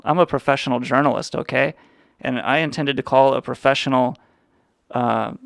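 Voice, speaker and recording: A man's voice: mid-range voice, vocal fry, no echo, clean studio sound. A man hosting a livestream, rambling in a crude, sarcastic way. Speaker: podcast host. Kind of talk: casual profane livestream chat.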